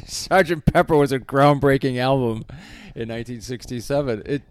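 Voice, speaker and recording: A man's voice: medium pitch, moderate pace, clean tone. A man co-hosting a casual podcast, rambling through his thoughts with many fillers and restarts and frequent laughs. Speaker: podcast co-host. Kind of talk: casual chat about music.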